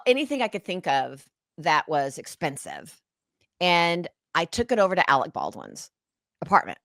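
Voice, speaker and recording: An animated woman with a slightly low voice tells an emotional personal story as an interview guest. She recounts it dramatically. The sound is close and dry. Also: no echo. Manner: animated, dramatic, acts out past conversations. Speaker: guest, actress and author.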